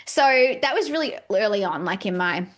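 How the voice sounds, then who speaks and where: A woman's voice: mid-range voice, brisk. A woman who is a psychic medium, a guest on a casual podcast, talking animatedly and acting out quoted dialogue. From Australia. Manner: animated, acts out quoted dialogue, many "like" fillers.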